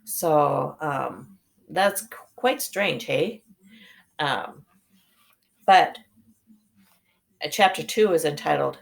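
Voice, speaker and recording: A woman's voice: sits low, drawn-out words, creaky, long pauses. A woman teacher reading a novel aloud to her class, talking hesitantly with many fillers and self-corrections.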